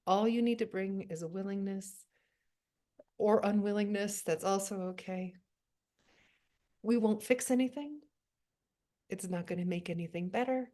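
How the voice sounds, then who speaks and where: A woman leading an online poetry workshop over a video call. She speaks softly and reflectively and reads short lines aloud one after another. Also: medium pitch. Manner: soft, unhurried and reflective. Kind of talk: gentle writing-workshop facilitation.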